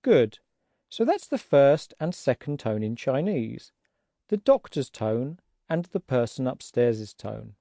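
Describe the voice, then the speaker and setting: Slow patient guy teaching language tones, lively pitch, warm mellow voice, dry close mic. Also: creaky, no echo. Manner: slow, patient, demonstrates tones with exaggerated example words. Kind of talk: audiobook language lesson.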